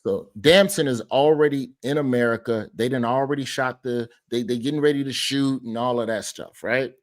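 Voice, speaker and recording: A man's voice: medium pitch, normal speed. Storytelling man, casual podcast guest. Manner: storytelling, animated, swears casually. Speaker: guest comedian.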